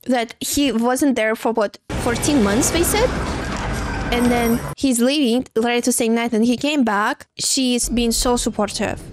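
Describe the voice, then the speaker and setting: Woman movie-reaction host, bright high voice, excitable and gasping, faint film music behind. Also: a little slow. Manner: excitable, gasping and exclaiming at the screen. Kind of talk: casual reaction commentary. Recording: film soundtrack playing behind.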